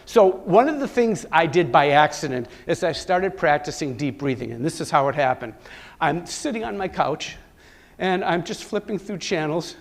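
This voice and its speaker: Animated male storyteller, lively pitch. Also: normal speed, gravelly. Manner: animated storyteller with sudden loud bursts and soft asides. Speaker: keynote speaker. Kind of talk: personal story told to a live audience.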